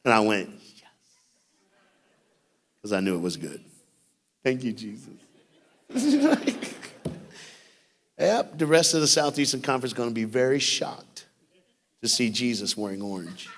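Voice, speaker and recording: Animated preacher in a church hall. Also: male voice, medium pitch, measured pace, pauses often, a little hiss or hum. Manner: animated storytelling with jokes, shifting from loud bursts to hushed. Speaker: youth speaker. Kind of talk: sermon.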